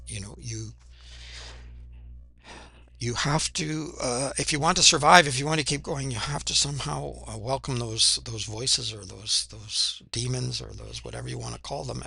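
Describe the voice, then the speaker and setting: A man hosting a music reaction channel. He is hoarse, losing his voice and has a cough, and he speaks in an earnest, reflective way, often restarting his sentences. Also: mid-range voice, bright, forceful tone. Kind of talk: casual music reaction commentary.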